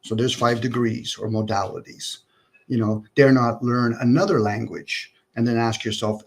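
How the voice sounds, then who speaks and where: Here the male host drifts through philosophical musings on his livestream, full of rhetorical questions, via an online call. His mid-range voice is creaky and moves at a moderate pace.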